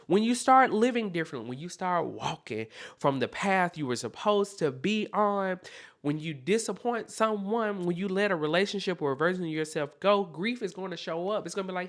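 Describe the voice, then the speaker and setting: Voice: mid-range voice, lively intonation, normal speed, a bit bright. A podcast host giving a motivational monologue, speaking emphatically, repeating key points and often checking in with listeners. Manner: loose, conversational delivery with self-corrections.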